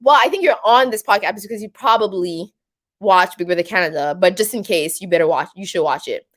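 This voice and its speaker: Talking briskly in a mid-range, fairly bright voice, this Québécois-accented woman reads out viewer comments on her relaxed live stream. She is chatty and meandering, using lots of filler words.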